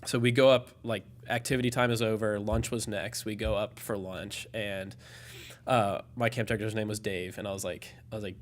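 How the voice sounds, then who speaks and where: A man's voice: lowish voice, normal speed, a little hiss or hum. A young man in his twenties, a podcast guest, telling a casual story full of "like" and fillers. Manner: animated, filler-heavy storytelling with lots of "like".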